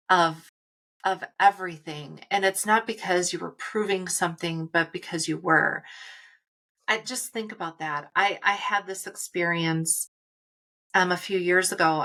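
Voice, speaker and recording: Woman cohost, low-ish bright voice, slow calm spiritual talk. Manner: calm, guiding, slows down for stillness. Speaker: podcast co-host.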